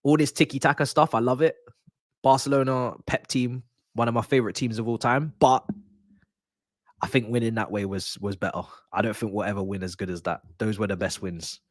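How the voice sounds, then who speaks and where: A young man riffs through a football watch-along in slangy, laughing banter. He sits close to the mic in a dry, dead-sounding room, his voice pitched at an ordinary middle height, and he breaks into loud yelps whenever a chance goes close. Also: steady tone, brisk, dry recording. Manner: laughing, nostalgic banter with slang, loud bursts at near-misses.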